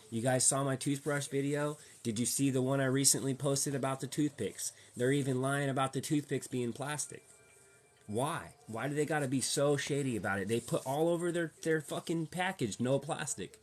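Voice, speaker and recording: A man speaks at an ordinary middle pitch in a loose, heated monologue to his audience. He talks in slang and swears casually. He keeps repeating himself as he presses his point. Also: moderate pace. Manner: slangy, profane, heated and repetitive. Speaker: vlogger.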